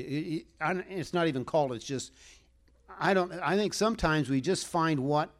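A man with a fairly high voice preaches a sermon to a congregation at normal speed. His style is folksy and rambling; he chuckles as he talks and asks the room for a show of hands.

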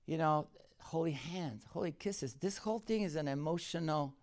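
A man with a somewhat high voice tells a story from the pulpit in lively. He laughs often, jumps up in pitch when he gets worked up, and settles lower as he draws the lesson. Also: normal speed. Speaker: preacher telling a personal story. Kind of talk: anecdotal sermon.

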